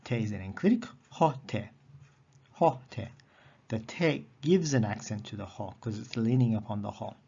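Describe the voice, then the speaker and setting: A man teaching a recorded lesson on Greek accents, methodical and repeating key terms slowly. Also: fairly low pitch, expressive, creaky, mellow, husky, lo-fi sound.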